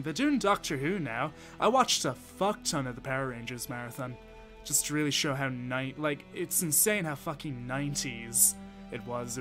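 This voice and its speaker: Casual gameplay commentary comes from a man in his twenties whose voice is medium in pitch and fairly bright. While streaming a game, he thinks out loud, chatting and cursing offhandedly.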